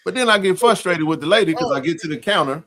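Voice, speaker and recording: A man co-hosting a casual sports chat, laughing often and telling animated stories. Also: on the high side, fast. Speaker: co-host.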